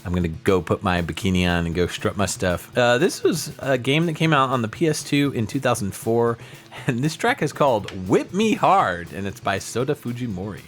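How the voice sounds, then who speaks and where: A man's voice: medium pitch, big pitch swings, a little fast. A man co-hosting a casual podcast about game music, jokey and rambling. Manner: jokey, rambling, laughs a lot. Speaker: podcast co-host.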